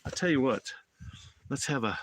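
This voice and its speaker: A man's voice: mid-range voice, expressive, moderate pace, slight background noise. A man from Alabama with a Southern accent, rambling in a folksy way as he chats with viewers on an outdoor live stream from a phone in the mountains. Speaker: motorcycle travel vlogger. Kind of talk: casual live-stream chat.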